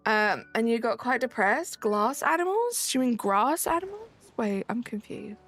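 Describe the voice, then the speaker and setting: A woman's voice: a little high, sing-song, normal speed, fairly bright tone. A young woman live streaming at home on a desk mic, chatting casually, reading chat aloud and joking back. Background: faint game music.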